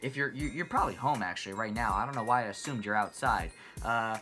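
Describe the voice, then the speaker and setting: A man's voice: fairly low pitch, fast, sharp tone, soft background music. A man hosting his own channel, delivering a passionate, emphatic rant to camera and repeating phrases for stress. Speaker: finance channel host. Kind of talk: impassioned money rant to camera.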